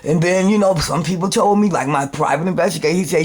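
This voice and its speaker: Guy ranting on his own show, kinda high voice, rambling and profane, keeps restarting words, gets loud then drops quiet. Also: fast, hardly any pauses. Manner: repeats words and restarts often; swings between loud and subdued. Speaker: video show host. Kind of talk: unscripted ranting monologue. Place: New York.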